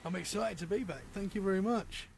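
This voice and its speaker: A man's voice: high voice, a little fast, gravelly, slightly rough. A man with a British accent, a podcast guest chatting casually and telling rambling stories that he keeps correcting as he goes. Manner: rambling, self-correcting storyteller. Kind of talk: casual chat.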